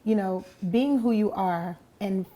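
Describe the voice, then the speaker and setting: An American woman guest on a talk show, playful and quick to joke and laugh as she talks. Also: mid-range voice, warm tone. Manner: playful, joking, laughs often. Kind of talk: conversational interview.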